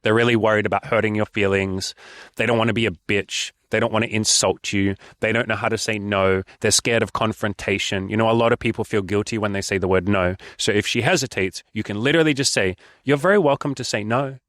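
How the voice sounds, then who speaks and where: A man's voice: on the low side, steady tone, brisk, fairly bright tone, no room sound, studio quality. A young man giving frank dating advice in a casual vlog. He is blunt, swears freely and acts out bits of dialogue. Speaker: dating coach.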